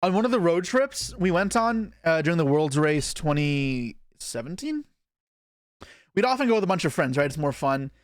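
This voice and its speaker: A man's voice: a little high, sing-song, normal speed, dry recording, clean studio sound. A young man from Canada chatting casually on a live stream, rambling and self-deprecating as he reacts to chat.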